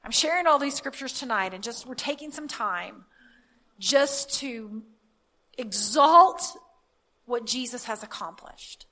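Higher-voiced woman preaching a sermon. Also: lively intonation, pushed and bright. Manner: halting, with many restarts and fillers; reads scripture aloud with emphasis. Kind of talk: sermon with scripture reading.

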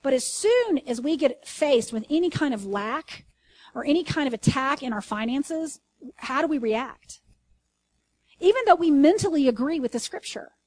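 A woman teaching a sermon in an earnest, conversational way, asking her listeners questions and reading scripture slowly with emphasis. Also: sits high, lively intonation, a little mellow. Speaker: Bible teacher.

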